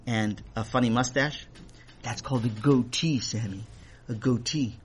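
A man voicing a gentle, patient father who quietly explains things to his young son in a children's story. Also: fairly even intonation, a little hiss or hum, close to an everyday voice. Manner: soft, low and patient, explaining slowly.

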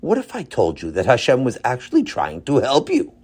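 Man doing a calm, sensible friend. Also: mid-range voice, brisk, husky. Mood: gentle.

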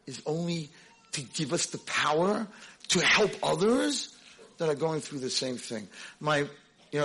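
A man's voice: medium pitch, a bit bright, slightly rough. A man, a rabbi and educator, giving an emphatic storytelling lecture to a convention audience. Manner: emphatic storytelling, acts out dialogue.

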